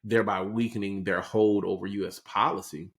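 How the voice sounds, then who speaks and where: A man's voice: on the low side, fairly even intonation, fairly quick. A man co-hosting a podcast, talking through current events in a casual explanatory way and often checking in with "right?". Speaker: podcast co-host. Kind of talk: casual political chat.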